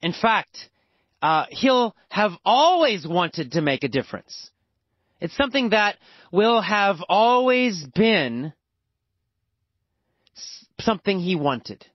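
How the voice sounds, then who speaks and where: A man teaching English by telling a simple story slowly, with exaggerated, repetitive emphasis. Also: no echo. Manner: exaggerated, repetitive, animated storytelling with big pitch swings. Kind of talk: slow, emphatic storytelling lesson. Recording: dull lo-fi, dry recording.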